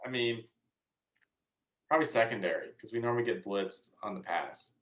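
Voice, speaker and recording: A man's voice: lowish voice, normal speed, fairly bright tone. A young man co-hosting a casual sports podcast, blunt and offhand. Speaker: co-host.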